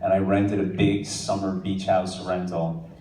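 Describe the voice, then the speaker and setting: A man from New Jersey with a deep, dark voice, flat delivery, and measured pace answers fan questions as a guest actor at a convention panel. He jokes, teases, and laughs often in this casual Q&A. The large hall echoes, the mic is distant, and crowd noise fills the background.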